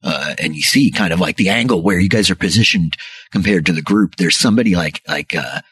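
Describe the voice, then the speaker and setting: A man's voice: low-pitched, brisk, fairly bright tone, breathy edge. A man running a tabletop role-playing game who narrates loosely and often chuckles. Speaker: game master.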